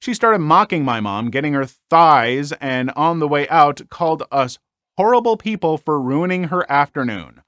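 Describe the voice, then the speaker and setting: A man hosting a story channel, reading online stories aloud and commenting on them in an animated, exclaiming way with frequent filler words. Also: a little high, moderate pace, no echo, clean studio sound.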